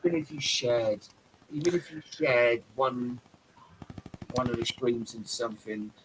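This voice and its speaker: A man hosting a casual live stream in a voice of ordinary pitch. He talks in a rambling, effusive way, circling back with plenty of fillers. There is faint noise behind him. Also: measured pace. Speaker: host.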